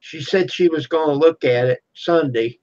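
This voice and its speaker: A man with a slightly higher voice, chatting easily as a livestream guest. His audio comes through dull and lo-fi. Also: normal speed, darkish tone. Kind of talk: casual chat.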